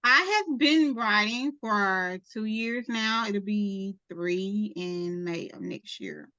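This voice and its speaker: A woman from Mississippi with a Southern accent, a guest author chatting in a lively, casual way with drawling slang and laughter. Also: mid-range voice, slow, dry recording, highs cut off. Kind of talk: casual interview chat.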